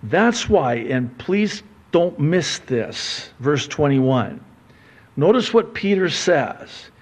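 A man, a pastor, preaching a conversational sermon that swings from soft, low asides to loud, emphatic questions. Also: very animated, very slow.

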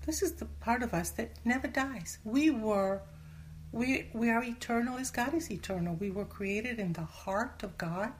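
A woman's voice: fairly high pitch, normal speed, a little hiss or hum. Woman talking through scripture in easy chat, earnest, goes whispery to make a point. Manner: earnest, drops to a whisper for emphasis; acts out everyday voices when quoting. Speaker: Christian teacher. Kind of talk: casual Bible teaching in conversation.

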